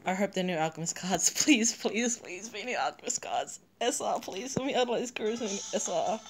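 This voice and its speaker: A woman giving a live, excitable reaction commentary while pulling cards in a mobile game, gushing and laughing. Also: mid-range voice, normal speed, slight background noise. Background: game music.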